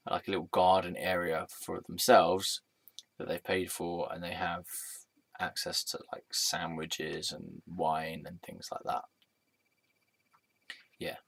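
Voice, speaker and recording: A man's voice: low voice, a bit bright. A man telling a personal story in a rambling, sweary way, full of filler words.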